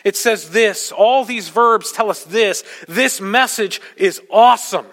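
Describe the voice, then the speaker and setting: Male pastor, sermon delivery, bright forceful tone, urgent, soft to loud. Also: sits high, slow pace, long reverb tail. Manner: preaching with urgent emphasis, swinging from soft to loud. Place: church.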